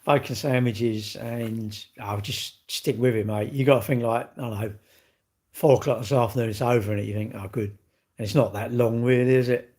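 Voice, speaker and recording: A man's voice: mid-range voice, steady tone, normal speed, warm tone. Man, sixties, live-stream host, casual cheeky chat, swears now and then, laughs a lot. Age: 60s. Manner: chatty, cheeky banter, swears, laughs often. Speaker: livestream host.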